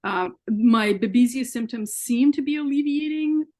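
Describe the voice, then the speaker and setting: A woman's voice: a little high, moderate pace, darkish tone. A woman as an interview guest, earnestly telling a personal story and acting out the dialogue she quotes.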